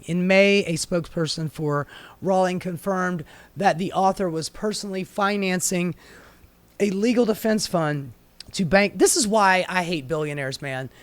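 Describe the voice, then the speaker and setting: A man with a fairly high voice rants through a news story in sarcastic, profane commentary. His delivery is heated and mocking. The sound is dry and close, with no room around it. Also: no echo. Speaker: commentary host.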